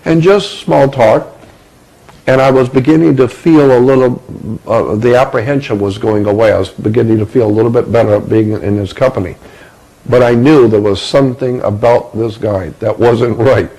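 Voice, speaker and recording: A man telling a personal story from his youth, halting and repeating words as he searches for them. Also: lowish voice, mellow, breathy edge, rough recording.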